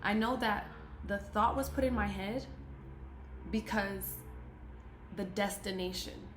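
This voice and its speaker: A woman's voice: mid-range voice, slow pace, a little hiss or hum. Woman, motivational speaker to camera, emphatic and preachy, mid-range voice, roomy echoey recording. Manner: emphatic, preachy, repeats key phrases. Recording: roomy echo, faint ambience.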